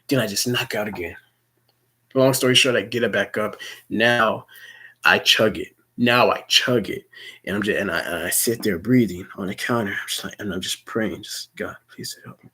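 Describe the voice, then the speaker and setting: A young man tells a personal story in a husky, breathy voice that sits on the low side. He rambles casually, swears freely and often trips over repeated words as he restarts his sentences. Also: fairly bright tone. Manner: rambling, profane, stammering restarts.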